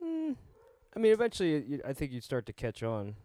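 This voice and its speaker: A man's voice: a little high, huge pitch swings, fast talker, dark tone, dry recording, studio quality. A man in casual chat, playful and teasing, laughing often.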